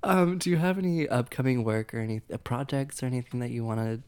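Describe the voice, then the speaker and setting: A man's voice: medium pitch, fast talker, a little mellow, clean tone. A man hosting a casual interview, playful and chatty. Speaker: podcast host.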